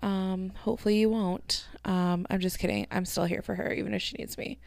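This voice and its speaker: A woman's voice: medium pitch, steady tone, a little fast, vocal fry, a little mellow, no echo. A young woman hosting a solo podcast in casual chat, gushing to her listeners with lots of "like" and "um", yawning now and then. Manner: chatty, filler-heavy, 'like' and 'um' everywhere; yawns between phrases. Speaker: podcast host.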